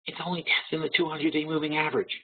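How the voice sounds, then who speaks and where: Fast and level in tone, this husky, slightly high-voiced man runs a trading webinar. The audio sounds thin, like a phone line, as he bluntly calculates figures aloud and frequently starts over.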